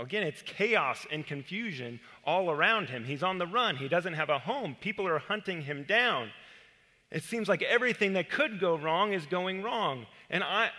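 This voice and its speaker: A man with a fairly high, bright and forceful voice delivers a sermon as a pastor. He speaks earnestly, explains the text step by step and slows down for the verses he reads. His voice rings with the long reverb of a large hall. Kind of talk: sermon teaching on scripture.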